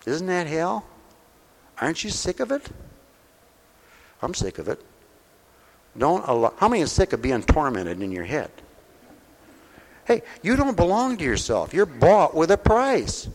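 A man preaching a sermon at a mission, folksy and direct, asking his listeners questions, his voice swinging between loud preaching and soft, close talk. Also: a little high, huge pitch swings, a little slow, long pauses, in a large hall. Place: mission hall.

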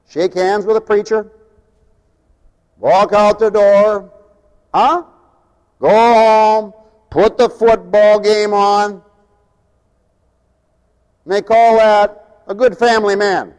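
A man preaching, mocking his listeners with sudden swings between loud bursts and near-whispers. His voice sits high. The sound rings out with a long reverb. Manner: animated, mocking, wide swings in loudness. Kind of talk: sermon.

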